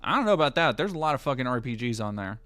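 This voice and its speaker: A man's voice: medium pitch, big pitch swings, racing, fairly bright tone. A man streaming live, chatting casually, joking and swearing as he rambles.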